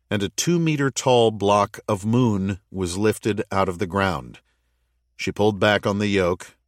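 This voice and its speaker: Scripted narration comes from a male audiobook narrator with a low voice, reading steadily and with measured pacing. The sound is clean studio audio, recorded dry.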